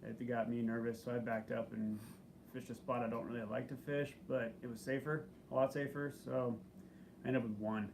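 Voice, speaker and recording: A man with a gravelly voice co-hosting a live stream, chatting in a laid-back, halting way. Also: medium pitch, little pitch movement, a little mellow, a little hiss or hum. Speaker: channel co-host. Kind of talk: casual live-stream chat.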